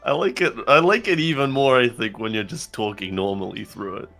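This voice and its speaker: A man's voice: medium pitch, fairly quick, vocal fry, a bit bright, faint music behind. A man, a tabletop player, chatting casually about a fight and acting out what people said, with laughter.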